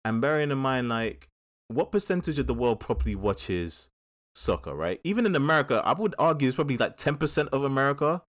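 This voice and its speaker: A man's voice: mid-range voice, a little fast. A man with a South East London accent, co-hosting a casual film review chat and acting out little quotes as he retells the plot. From England. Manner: animated storyteller, acts out quotes. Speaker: film podcast co-host.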